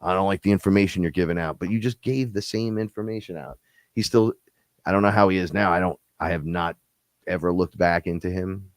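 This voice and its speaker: A man with a very deep, low voice talks into a close mic in a dry, dead-sounding space. He rambles through stories with a loose, profane, animated delivery, like a live show host chatting to his audience. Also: fairly quick, no echo. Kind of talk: casual spiritual talk-show monologue.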